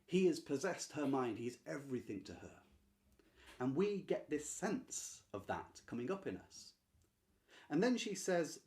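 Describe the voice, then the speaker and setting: A man who teaches literature to camera, talking emphatically and swinging between loud declarations and hushed stresses. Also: fairly high pitch, big pitch swings, measured pace. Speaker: literature teacher and channel host. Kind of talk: enthusiastic explanatory talk to camera.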